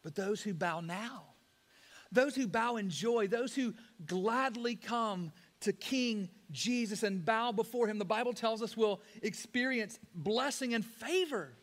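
A pastor with a high voice delivers a sermon at a measured pace. His preaching has sudden loud rises and soft drops, and he keeps it conversational, calling his listeners "guys."

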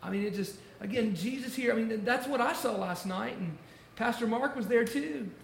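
High, gravelly-voiced man preaching. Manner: emphatic, repeats key phrases slowly. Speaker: pastor. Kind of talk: sermon. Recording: echoey room with faint noise.

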